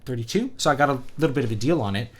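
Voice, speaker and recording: A man's voice: mid-range voice, expressive, racing. Opinionated man reviewing a book. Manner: conversational, opinionated, many fillers. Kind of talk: casual product review vlog.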